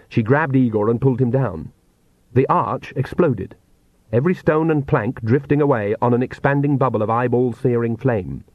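A man's voice: mid-range voice, no room sound, phone-quality sound. Dry-voiced male audiobook narrator. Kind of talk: scripted narration.

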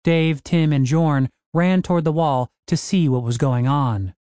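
A man narrating a comic fantasy audiobook in a wry, lively storytelling manner. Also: on the high side, a little slow, smooth, no echo, clean studio sound.

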